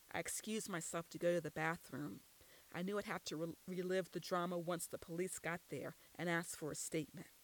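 Woman narrating a first-person story; steady, scripted read. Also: fairly low pitch, low-quality recording. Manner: steady storytelling with quoted dialogue.

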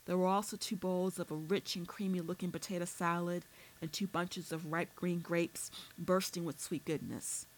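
A woman narrating a first-person audiobook in a steady, descriptive storytelling manner. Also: on the low side, moderate pace, poor audio.

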